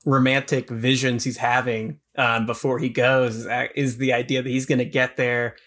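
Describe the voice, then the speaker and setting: Bright-voiced man retelling a story. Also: medium pitch, normal speed. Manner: animated retelling, acts out characters' lines. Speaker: podcast co-host. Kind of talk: casual literary discussion.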